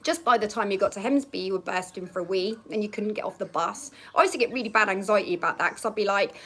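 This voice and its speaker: A woman's voice: mid-range voice, fast talker, fairly bright tone. A young woman from Norfolk chatting casually outdoors on a balcony, telling a story and often laughing as she acts out remembered lines. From England, Norfolk. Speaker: vlogger.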